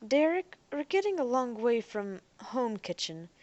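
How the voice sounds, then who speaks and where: A woman voicing a curious, lively young woman who speaks eagerly. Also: on the high side, unhurried, dry recording, highs cut off, voice pushed up.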